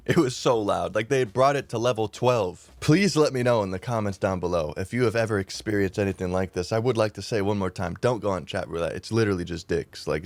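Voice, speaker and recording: A young man telling a rambling, animated storytime vlog, laughing at himself and swearing freely. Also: lowish voice, no room sound. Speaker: YouTuber.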